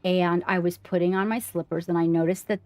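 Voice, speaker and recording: A woman's voice: lowish voice, steady tone, brisk, no room sound, faint music behind. A woman on a livestream, earnestly sharing her story and speaking straight to the viewers in a casual way.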